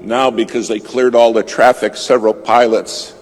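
A man preaching a sermon, telling a story with dramatic swings from loud to hushed. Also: mid-range voice, steady tone, normal speed, hardly any pauses. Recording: music bed behind voice.

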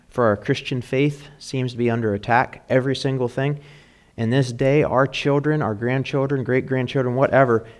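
A man preaching as a pastor, with an earnest and encouraging manner. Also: medium pitch. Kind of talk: sermon.

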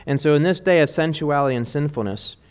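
A middle-aged man preaches an earnest sermon to fathers, talking fast in a clean, somewhat high voice. He speaks with emphatic conviction and quotes song lyrics.

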